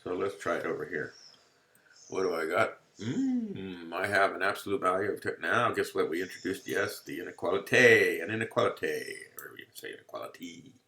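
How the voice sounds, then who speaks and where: A math teacher with a low, creaky voice that sounds pushed and bright talks briskly through a casual screen-recorded lecture from home. He's jokey and playful, repeatedly checking in with his listeners by saying "you see?"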